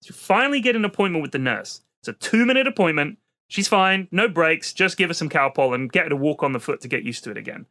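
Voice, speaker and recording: On a comedy podcast he co-hosts, a British dad fires off a lengthy, exasperated tale, swearing and getting animated as he goes. He speaks fast, with a voice on the high side.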